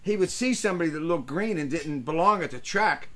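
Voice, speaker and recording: An older man hosting a casual show, telling rambling stories and breaking into loud voices for the people in them. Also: on the high side, fairly quick. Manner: rambling, animated storyteller, swings into loud character voices. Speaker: host. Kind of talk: casual storytelling chat.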